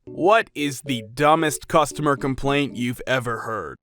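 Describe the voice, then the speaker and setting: A man reading out customer stories in an even storytelling manner. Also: mid-range voice, measured pace. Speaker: narrator. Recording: faint music behind.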